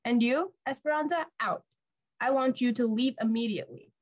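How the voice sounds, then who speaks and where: A woman reading a storybook, voicing a cold, jealous stepmother who speaks in sharp, commanding tones. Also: fairly high pitch, moderate pace, lo-fi sound, natural voice. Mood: cold scorn.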